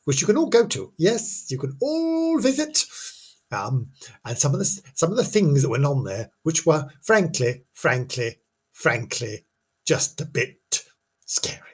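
A man's voice: medium pitch, slightly rough. A man hosting a ghost-story podcast in a chatty, self-mocking way, often stumbling over and repeating his words. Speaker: podcast host.

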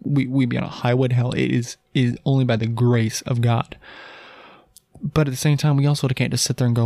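A man's voice: medium pitch, little pitch movement, brisk, creaky, mellow, no room sound. A man hosting a podcast, giving a casual Christian teaching talk in an earnest, emphatic way, with many rhetorical questions and restarts. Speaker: podcast host.

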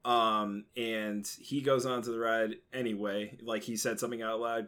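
A man's voice: lowish voice, flat delivery, moderate pace, a bit bright. A young man telling a childhood story in casual chat, hesitant and full of fillers.

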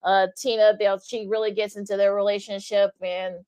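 A woman's voice: mid-range voice, flat delivery, brisk, a little mellow, clear, resonant tone. A woman co-hosting a sports radio show, conversational and loose, leaning on fillers like "you know" and "look". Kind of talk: casual radio sports talk.

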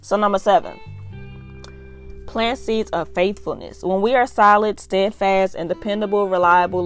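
Earnest woman talking faith, y'all. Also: lowish voice. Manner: earnest, emphatic, repeats "y'all". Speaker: faith vlogger reading devotional. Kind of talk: casual devotional talk with scripture reading.

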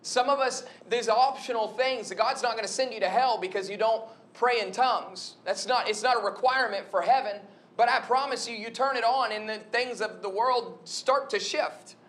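A man's voice: very high voice, normal speed, hardly any pauses. A young adult man giving a conversational, storytelling sermon. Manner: conversational, storytelling, animated retelling. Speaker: preacher.

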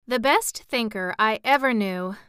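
A woman's voice: a little high, measured pace, a bit bright, clean tone, no room sound, studio quality. A woman voicing an eager, earnest young girl in a storybook reading, talking in an insistent way.

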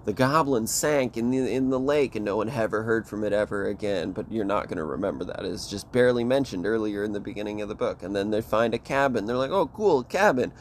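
A man rambles through a book plot in animated, casual chat, swearing freely as he jumps between characters. His voice sits low. A faint hiss of noise stays under the talk. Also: fast talker, hardly any pauses. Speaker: host retelling a book.

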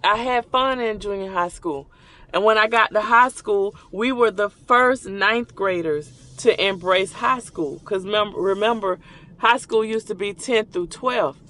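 High-voiced man telling rambling stories. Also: bright, forceful tone. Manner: rambling, conversational, acts out remembered dialogue. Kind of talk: casual storytelling while ordering at a drive-thru. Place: car at a drive-thru.

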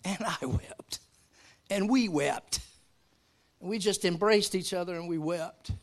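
A male pastor in the middle of a sermon, his voice sitting a little higher than most men's. He tells a story in an even, steady way and then rises into loud, emphatic preaching. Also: a little slow.

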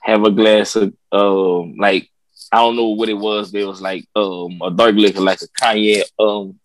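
A man's voice: fairly low pitch, steady tone, moderate pace, no echo. A man co-hosting a casual podcast, telling a rambling story in a laid-back way. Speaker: podcast co-host.

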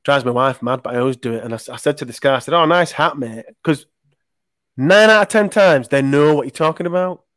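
A man's voice: medium pitch, a little fast, fairly bright tone, no echo, studio quality. A man from Leeds, co-hosting a podcast and chatting casually, telling anecdotes and acting out what people said. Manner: chatty anecdotal storyteller, acts out quotes. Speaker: podcast co-host. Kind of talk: casual chat.

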